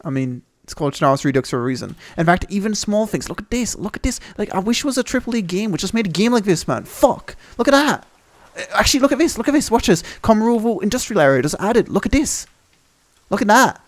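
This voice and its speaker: Touring a game map for his gaming channel, a young man keeps up a fast, excited, meandering stream of commentary laced with profanity. His pitch is fairly high.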